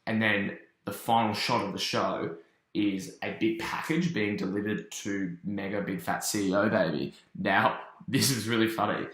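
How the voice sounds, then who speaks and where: A man casually recapping and reviewing a cartoon episode, telling it as an animated story with quick asides. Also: fairly low pitch, echoey room.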